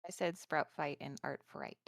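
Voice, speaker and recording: A woman playing as a contestant in a stream trivia game, low-key and competitive. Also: wildly swooping pitch, moderate pace, gravelly. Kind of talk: casual chat during a stream game.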